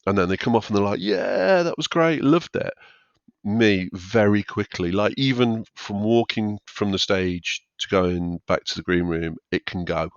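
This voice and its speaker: Comedian guy on a podcast, really low voice, slightly dull lo-fi sound, does little voices for quotes. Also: fairly even intonation, moderate pace, few pauses, smooth, dry recording. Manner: chatty, acts out quotes of himself and others. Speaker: stand-up comedian guest. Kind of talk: casual podcast conversation.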